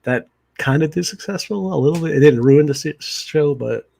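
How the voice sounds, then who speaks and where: A man's voice: fairly high pitch, normal speed, creaky, darkish tone, no room sound. Laughing man retelling movie scenes. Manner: laughing, acts out movie lines in bursts. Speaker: podcast co-host. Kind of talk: casual movie chat.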